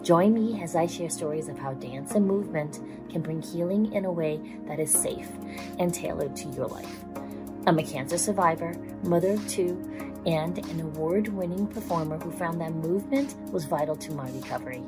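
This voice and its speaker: A middle-aged woman hosting a podcast, with a slow, deliberate announcer delivery. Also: low voice, over music. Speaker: podcast host. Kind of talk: scripted intro then casual chat.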